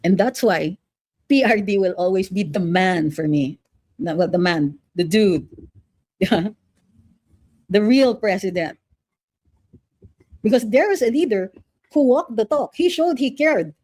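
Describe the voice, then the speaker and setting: A woman's voice: mid-range voice, expressive, unhurried, long pauses, darkish tone, no echo. A middle-aged Filipino woman lawyer giving opinionated political commentary with a Filipino accent, switching between Filipino and English. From Philippines.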